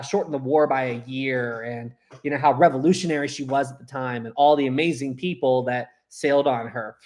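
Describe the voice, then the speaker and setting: Rambling, animated young man live-streaming. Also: on the high side. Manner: rambling, animated, frequent restarts; reads viewer chats aloud. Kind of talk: casual live stream chat.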